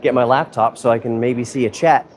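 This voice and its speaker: An easygoing man chats on a live stream from a museum hall, speaking into his phone camera. His pitch sits in the ordinary middle for a man. He rambles, thinking aloud as he goes. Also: fairly even intonation, a little fast. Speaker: museum content creator and live stream host. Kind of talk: casual live-stream chat. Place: indoor museum hall with public nearby.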